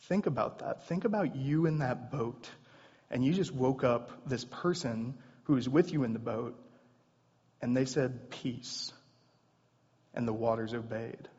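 A man delivers a sermon in a relaxed, conversational way, earnest and direct with the congregation. His voice is a touch husky and sits at a middle pitch. The sound is a little dull and carries a long hall reverb. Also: moderate pace. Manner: conversational, earnest preaching with casual asides. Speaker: pastor.

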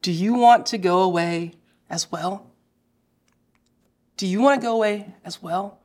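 A woman preaching a sermon, retelling a Bible story with lively quoted voices and direct questions to the listeners. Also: medium pitch, measured pace.

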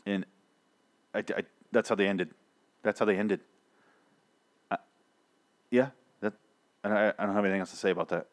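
A man's voice: on the low side, fairly even intonation, moderate pace, long pauses. Profane ranting podcast host, a man. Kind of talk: solo TV recap rant.

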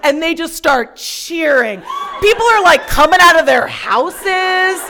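A young woman telling a personal story on stage, profane and self-mocking, shouting out her punchlines. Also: very high voice, expressive, measured pace, over a noisy crowd, very noisy.

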